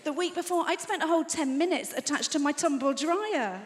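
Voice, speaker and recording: A fifty-year-old woman doing stand-up on a big theatre stage, her voice pitched high and wry as she mocks herself. The sound is echoey with a long hall reverb, and loud laughter rolls in behind her. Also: expressive, a little fast, background noise. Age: 50s. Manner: dry, self-mocking delivery. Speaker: stand-up comedian. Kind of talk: stand-up set. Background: audience laughter.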